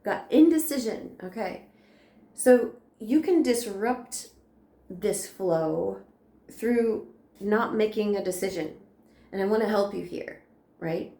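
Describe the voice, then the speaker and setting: Mellow-voiced woman reading tarot cards. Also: mid-range voice, creaky, reverberant. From United States. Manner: chatty, reassuring, laughs often. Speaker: tarot reader. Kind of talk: casual spiritual card reading.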